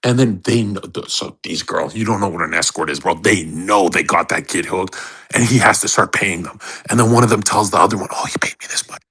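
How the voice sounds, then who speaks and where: A man hosting a live online audio stream, giving a casual, intense motivational rant full of swearing, swinging between loud outbursts and low muttering. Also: brisk, slightly rough. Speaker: host. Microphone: home microphone on an online audio call.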